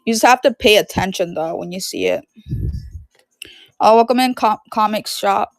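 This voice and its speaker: Brief: young woman reseller, scratchy throat, fry-heavy chatter, close and dry. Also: mid-range voice, normal speed, dry recording. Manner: rambling, filler-heavy storytelling. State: sore, itchy throat. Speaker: online reseller selling DVDs and VHS tapes. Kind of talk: casual livestream chat.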